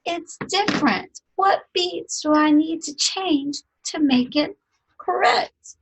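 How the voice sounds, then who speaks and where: A woman teaching a children's music lesson, gently asking questions and singing short phrases and rhythm syllables. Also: extremely high pitch, slow, gravelly.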